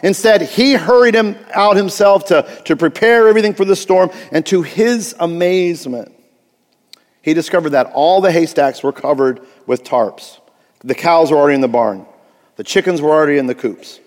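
A man's voice: fairly high pitch, normal speed, in a large hall. A male pastor preaching a sermon, telling a story with frequent restarts and asides.

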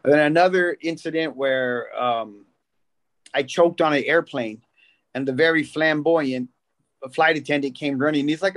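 A man's voice: on the high side, moderate pace. A middle-aged man, a stand-up comedian, telling stories in casual podcast chat and acting out quoted voices. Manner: animated storytelling with quoted voices.

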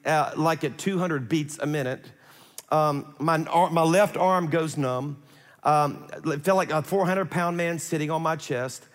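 A middle-aged man, a pastor, telling a personal story in a sermon, animated and conversational, acting out what people said. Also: on the high side. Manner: animated, conversational, acts out quotes. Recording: long hall reverb.

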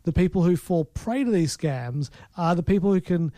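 A man's voice: high-pitched, expressive, moderate pace, warm tone, dry recording. A man co-hosting a podcast, chatting casually about films in a rambling way, with many restarts and fillers. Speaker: podcast co-host. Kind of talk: casual film review chat.

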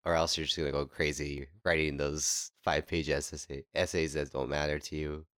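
A man with an extremely low, deep voice chats easily on a podcast. The recording is dry, with no room sound. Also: flat delivery, moderate pace, fairly bright tone, dry recording. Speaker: podcast co-host. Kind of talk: casual chat.

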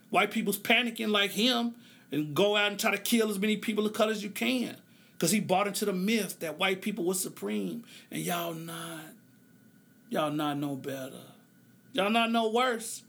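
Impassioned man with a high bright voice. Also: vocal fry. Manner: impassioned, preaching cadence, drawn-out phrases; loose, joking, laughs often. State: emotional, tearing up. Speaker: podcast host. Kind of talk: solo podcast talk.

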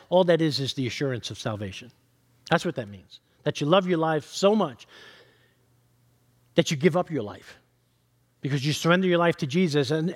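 A male pastor preaching a sermon, reading scripture and teaching in an earnest, direct way. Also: on the high side.

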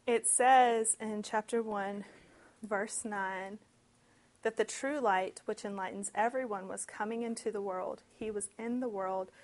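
A woman preaching a sermon, reading scripture and explaining it in a conversational, expressive way with lively asides. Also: medium pitch.

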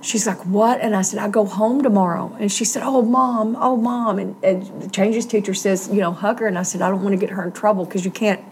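A woman's voice: mid-range voice, steady tone, fast, hardly any pauses, darkish tone, slight background noise. A middle-aged woman, earnestly telling a personal story in an interview and acting out the voices she quotes.

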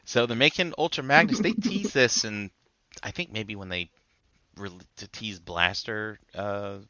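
A man hosting a casual toy review chat, relaxed and rambling with lots of fillers. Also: fairly low pitch, a little slow, no room sound, muffled recording. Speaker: host.

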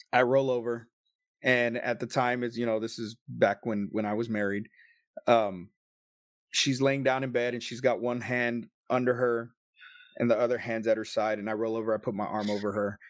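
Man, 30s, spins a raw personal story with swearing and quick bursts, mid pitch, dead-dry room. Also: level tone, no echo. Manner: emotional, profane, quick bursts. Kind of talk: casual storytelling.

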